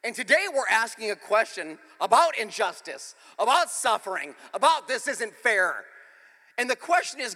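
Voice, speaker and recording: A pastor giving a humorous, self-deprecating sermon with an animated storytelling manner, speaking in a church. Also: male voice, sits high, moderate pace, in a large hall. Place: church in the speaker's home city.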